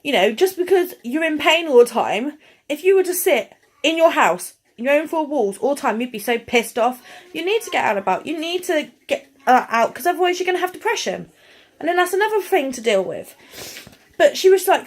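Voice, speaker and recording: A woman's voice: high-pitched, big pitch swings, brisk. A young woman vlogging, ranting bluntly and heatedly to camera, with frequent swearing.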